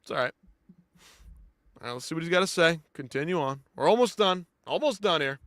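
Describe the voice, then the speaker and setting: A man hosting a live post-fight show in casual commentary, animated and chatty, swinging between loud outbursts and quiet asides as he talks to viewers. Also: fairly high pitch, a little fast, no room sound.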